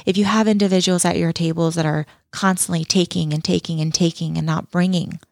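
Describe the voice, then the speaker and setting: A middle-aged woman talks in an earnest, heartfelt way and leans on repeated words to drive a point home. Her voice sits on the lower side for a woman and has a gravelly fry. It is close and dry, with no room sound. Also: steady tone, a little fast, dry recording. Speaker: guest. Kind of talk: reflective personal interview talk.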